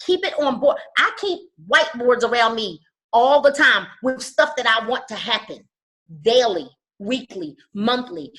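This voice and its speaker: This woman's voice sits high and bright, and her pitch moves a lot. She mentors a group over a call in a preachy, emphatic way. She swings between loud, charged lines and quiet, hushed ones. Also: poor audio. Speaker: guest speaker and business mentor. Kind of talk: motivational talk on a call.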